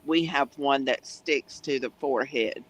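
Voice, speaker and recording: A man chats in an unhurried, measured way. His voice sits at a middling pitch, and he explains things steadily. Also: a bit bright, rough recording. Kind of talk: casual chat.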